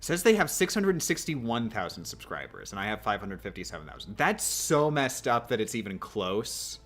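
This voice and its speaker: A man's voice: medium pitch, sing-song, normal speed, fairly bright tone, soft background music. A man chatting casually on a live stream, rambling and self-mocking with lots of restarts.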